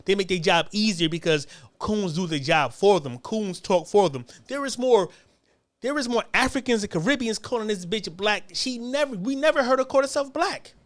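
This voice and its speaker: Man, high-pitched voice, online commentator mid-rant, heated and profane, stumbling over restarts. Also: a bit bright.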